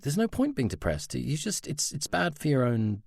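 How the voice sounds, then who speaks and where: A man's voice: medium pitch, moderate pace, creaky, dry recording. An English man in his fifties, a voice actor talking candidly and wryly in an interview. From England. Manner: outspoken, wry, animated storyteller. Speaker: voice actor guest.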